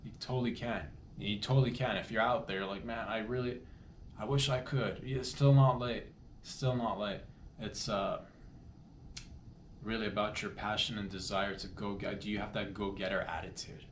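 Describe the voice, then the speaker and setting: A man with a lowish voice talks casually and earnestly to his listeners, often restarting his sentences as he goes. The sound is roomy and echoey, with a faint layer of noise behind him. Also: steady tone, moderate pace, fairly bright tone. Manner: rambling, earnest, self-interrupting. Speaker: comedy podcast host. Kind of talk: casual heartfelt monologue. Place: Toronto.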